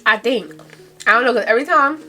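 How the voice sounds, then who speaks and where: This is a young woman with a Brooklyn New York accent, talking in a loose, slangy vlog style and breaking into giggles often. Her voice sits a little on the high side, and faint music plays underneath. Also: quick pace, pushed and bright. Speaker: vlogger. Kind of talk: casual chat.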